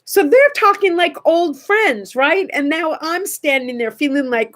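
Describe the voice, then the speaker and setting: An older woman hosts a relaxed morning chat and tells stories with lots of animation. Her voice sits a little high, and she jumps into the voices of the people in her anecdotes. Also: measured pace, hardly any pauses. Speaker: host. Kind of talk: casual storytelling chat.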